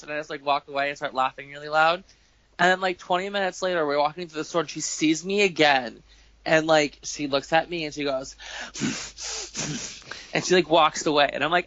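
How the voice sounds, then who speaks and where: A man's voice: a little high, normal speed, no room sound. Male podcast guest, casual storyteller who swears freely and acts out quotes; muffled dry home mic. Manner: rambling, swearing, animated quoting. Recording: dull lo-fi home recording.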